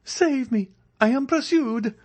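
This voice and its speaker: A man's voice: mid-range voice, big pitch swings, normal speed, gravelly, a little mellow, voice pushed up. A man playing a desperate young fugitive. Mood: pleading. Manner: pleading, then mocking. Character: desperate young male fugitive, later insolent.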